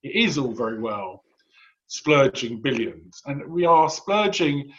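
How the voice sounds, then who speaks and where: A man's voice: mid-range voice, very animated, slow, a bit bright, dull audio. A man in his fifties, a guest commentator, talking in a wry, sardonic way with frequent restarts in casual political chat. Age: 50s.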